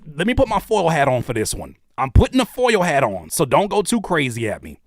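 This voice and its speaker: A man giving casual, joking reaction commentary as a YouTube host, animated and often dropping into quiet asides. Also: a little high, brisk, no echo, studio quality.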